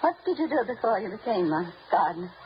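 A woman's voice: medium pitch, sing-song, quick pace, close to an everyday voice. An actress playing a nervous, fussy old woman in a wheelchair in an old radio drama. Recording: lo-fi old radio recording with hiss.

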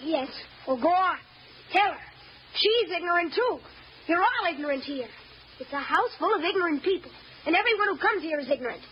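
A woman's voice: extremely high pitch, expressive, brisk, a little hiss or hum. A woman voicing a spiteful, haughty nine-year-old boy, acting for old-time radio drama, heard through a dull old radio recording. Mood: sneering. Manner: sneering, haughty.

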